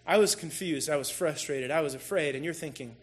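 A man telling a personal story in a sermon, animated and self-deprecating as he talks to the congregation. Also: a little high, fairly quick. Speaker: church speaker.

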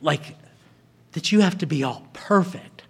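A man's voice: fairly high pitch, measured pace, vocal fry, husky. A man preaching a sermon, retelling a story and acting out the characters' lines.

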